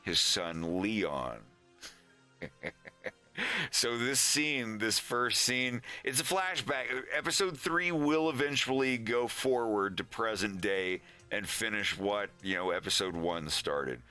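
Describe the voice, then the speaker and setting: A man's voice: lowish voice, lively intonation, takes it slowly, bright, forceful tone, clean tone, soft background music. A man in casual stream chat, rambling and laughing often as he talks through his cartoon. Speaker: animator streaming.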